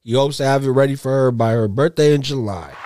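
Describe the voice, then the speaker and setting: A man co-hosting a podcast in casual chat, excitable and jokey, swearing freely. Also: mid-range voice, quick pace, a crowd in the background, noisy background. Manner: excitable, profane, jokey banter. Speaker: podcast co-host.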